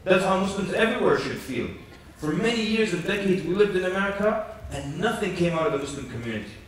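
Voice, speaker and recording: A man preaching at a youth conference, telling lively stories with jokes and acting out quotes. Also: sits high, fast talker, a little hiss or hum. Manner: animated storytelling with jokes and acted quotes. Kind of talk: conference lecture. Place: large conference hall. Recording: echoey hall from far off.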